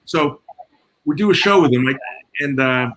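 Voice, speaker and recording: A man's voice: a little high, moderate pace. Man telling backstage stories, noisy room. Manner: animated storyteller, acts out quoted dialogue. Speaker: guest, concert and theater sound engineer. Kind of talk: storytelling in casual chat. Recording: noticeable background noise.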